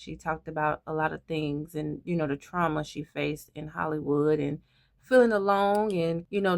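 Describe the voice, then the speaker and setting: A woman beauty vlogger talking to camera in a halting personal monologue, often repeating herself and trailing off. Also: sits low, no echo, clean studio sound.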